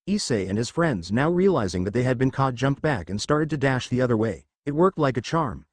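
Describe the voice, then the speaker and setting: A man reading out a fan-fiction story as scripted narration, with a lively, animated delivery. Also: mid-range voice, brisk, no room sound.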